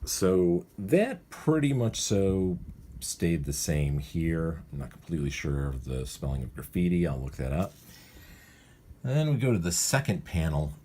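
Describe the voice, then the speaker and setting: Male cartoonist with a very low, dark, husky voice who rambles and self-corrects as he explains his writing. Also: animated, unhurried, a little hiss or hum. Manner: rambling, thinking aloud, often correcting himself. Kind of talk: casual walkthrough of his writing process.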